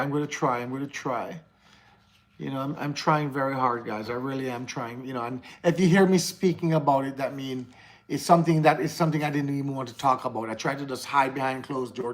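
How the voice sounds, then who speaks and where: A man with a Jamaican accent hosting a casual livestream, talking candidly to his viewers, answering the live chat and often repeating himself. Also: mid-range voice. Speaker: livestream host.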